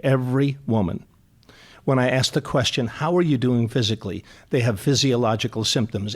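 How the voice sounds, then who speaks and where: A middle-aged man, a psychologist guest on a radio show, talking in an animated, emphatic way and repeating phrases for stress. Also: mid-range voice. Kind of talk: conversational radio interview.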